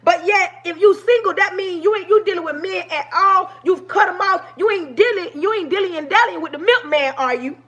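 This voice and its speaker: Woman in her forties, high-pitched voice, passionate livestream talk, preachy, straight into a phone. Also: fairly quick, hardly any pauses, fairly bright tone. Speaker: livestream host.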